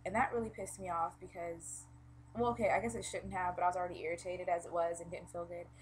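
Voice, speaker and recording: A woman's voice: lowish voice, level tone, fast, slight background noise, poor audio. A young woman vlogging in casual chat, venting freely with plenty of swearing and filler words.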